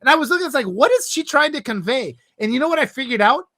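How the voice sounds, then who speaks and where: A woman with a high, bright, sharp-edged voice chats casually as co-host. She rambles animatedly and breaks into laughter often. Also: expressive, quick pace. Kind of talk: casual chat.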